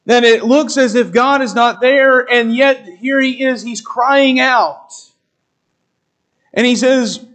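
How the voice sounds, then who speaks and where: A man preaching an expository sermon in a measured, deliberate teaching manner, reading scripture aloud. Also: extremely high pitch, a bit bright.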